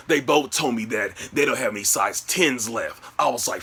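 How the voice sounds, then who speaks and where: A man delivering a brash, profane comic rant about his day. His medium-pitched voice is gravelly and husky, and he jumps into loud outbursts whenever he acts out what he said. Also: brisk. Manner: brash, animated, loud outbursts in acted quotes. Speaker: comedic storyteller.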